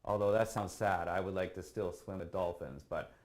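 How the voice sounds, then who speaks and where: A man teaching a casual online English lesson over a video call. He explains patiently and often checks in with a quick question at the end of a point. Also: deep voice, fairly even intonation, darkish tone.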